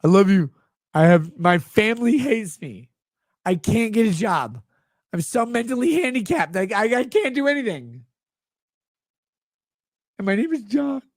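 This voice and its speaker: This is a desperate, whiny man , as a man mocks him who begs in a shrill voice. The pitch leaps high and swoops all over. The sound is dry and a little husky. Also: sing-song, measured pace, pauses often, no room sound, exaggerated voice. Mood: whining. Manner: high sobbing mocking whine. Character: whiny desperate adult man begging, mocked.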